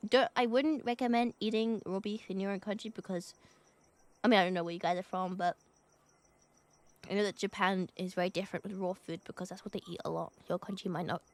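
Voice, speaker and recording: A woman's voice: mid-range voice, fairly quick, dry recording. A young woman streamer chatting casually with viewers. She giggles often, thanks them for donations and swears offhandedly. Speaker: VTuber streamer.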